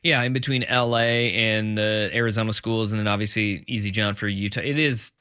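A man's voice: on the low side, fairly even intonation, fairly quick, bright, forceful tone, clean tone, no room sound, clean studio sound. A man hosting a sports talk radio show, chatting casually, joking and laughing often, sometimes stumbling over his words.

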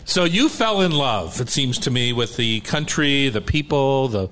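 A man's voice: medium pitch, lively intonation, a little slow, fairly bright tone, slight background noise. A man hosting a radio cooking talk show, with a loose delivery full of fillers.

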